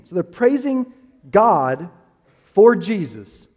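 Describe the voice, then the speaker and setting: A man's voice: a little high, expressive, normal speed, a little mellow, big-room sound. A man preaching a sermon as pastor, telling a story casually with fillers and restarts.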